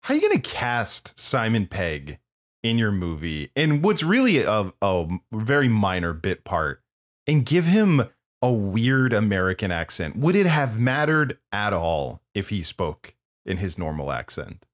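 A man co-hosting a podcast, chatting casually about a movie with animated, opinionated remarks and frequent laughs. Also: lowish voice, measured pace. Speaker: podcast co-host. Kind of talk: casual movie-review chat.

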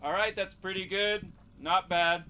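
A man's voice: high voice, fairly even intonation, bright, forceful tone, a little hiss or hum. A man hosting a game play-through, joking as a mock casting director. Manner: slow, mock-official casting director bit. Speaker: gaming channel host.

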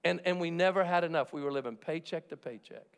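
A man with a high voice preaching a sermon in a large church. He talks emphatically and jokes along the way, slipping into the voices of the people he quotes. His words ring out with a long reverb through the hall. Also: quick pace, clear, resonant tone. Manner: emphatic and jokey, acts out quotes. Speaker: pastor.

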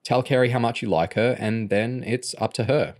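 A man's voice: mid-range voice, steady tone, moderate pace, a little mellow, pitched above the performer's own voice, natural voice. A man voicing a firm, matter-of-fact teenage boy in a storybook reading. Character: laid-back teenage boy, blunt and steady.

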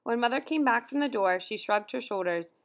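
A woman narrating an audiobook in a steady, measured way. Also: on the high side. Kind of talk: scripted narration.

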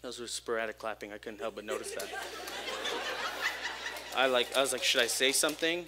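A young man giving a casual, energetic sermon at a church service, joking with the crowd and talking openly about himself. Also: mid-range voice, moderate pace, pauses often, background noise. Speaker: church speaker.

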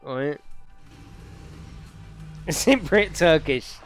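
A man with a fairly high, animated voice takes his time, leaving long pauses, while streaming a racing game from his home setup. Over the game music he chats and jokes with viewers and swears freely.

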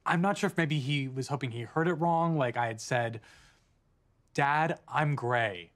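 An actor playing an uptight, sarcastic gay dad in a sitcom, with dry, pointed delivery. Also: male voice, mid-range voice, brisk, natural voice. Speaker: sitcom character. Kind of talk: sitcom acting.

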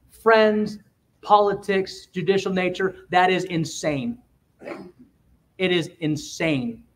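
A man preaching a sermon in a church, emphatic, with quick asides and swings between loud and quiet. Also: high voice. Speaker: pastor.

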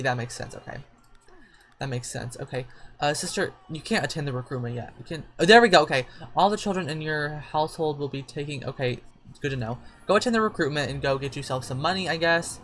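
A young man giving casual gameplay commentary, gushing and excitable, gasping often and chatting to viewers in sassy slang. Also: a little high, fairly quick. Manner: gushing and excitable, frequent gasps and exclamations. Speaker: gaming YouTuber.

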